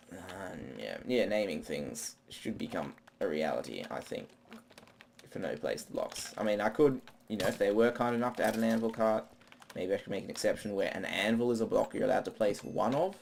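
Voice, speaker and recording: Gravelly, lively man rambling. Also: lowish voice, moderate pace, a little hiss or hum. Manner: rambling, talks to himself. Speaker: gaming channel host. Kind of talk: let's play commentary.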